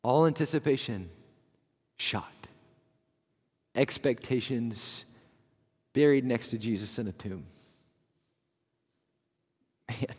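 A man preaching a sermon as dramatic storytelling, moving from hushed, somber lines to fervent, rising passages. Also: medium pitch, slow, pauses often, breathy edge, big-room sound. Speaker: pastor.

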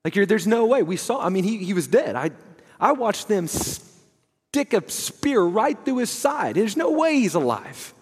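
A man acting out a grieving male disciple. He pleads in disbelief, his voice pitched up and strained, and it rings through a large, echoing hall. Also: sing-song, unhurried, husky, heavily acted. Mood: disbelieving.

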